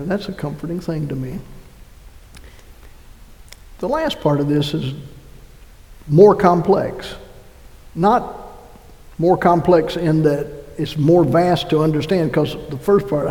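Man, pastor, sermon, high voice, gravelly, animated scripture reading, long hall reverb. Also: unhurried, long pauses. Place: church.

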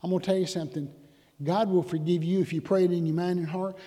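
A man's voice: high-pitched, steady tone, quick pace, warm tone. A man, a pastor preaching a sermon, telling a story earnestly and rising to emphatic points. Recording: long reverb of a large hall.

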